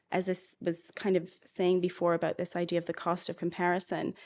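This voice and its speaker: A woman's voice: on the low side, darkish tone. A woman with a Canadian accent, an author chatting as a podcast guest, telling stories and laughing often. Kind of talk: podcast interview.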